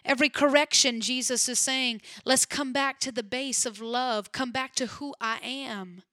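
A woman preacher delivering a sermon, explaining Bible verses in an earnest, emphatic way that moves between soft and urgent. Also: sits high, steady tone, unhurried, no room sound, clean studio sound.

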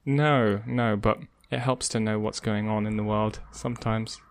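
Hesitant podcast co-host. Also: male voice, lowish voice, fairly even intonation, a little slow, slight background noise. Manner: hesitant, repeats his words. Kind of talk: casual podcast chat.

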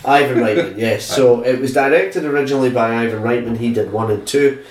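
A man's voice: mid-range voice, brisk. Rambling, laughing podcast host man. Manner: rambling, laughing, swearing freely. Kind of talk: casual chat. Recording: echoey room, distant mic.

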